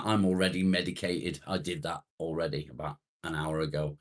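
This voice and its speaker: This livestream host has an extremely low, slightly bright voice that barely moves in pitch. He talks fairly quickly with hardly any pauses, greeting viewers by name and joking as he goes through their comments.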